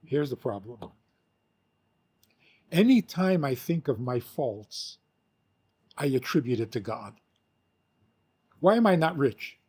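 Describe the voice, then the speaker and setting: An older man, a rabbi, teaching with an animated story, acting out the quotes and laughing often. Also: medium pitch, takes it slowly, long pauses, husky.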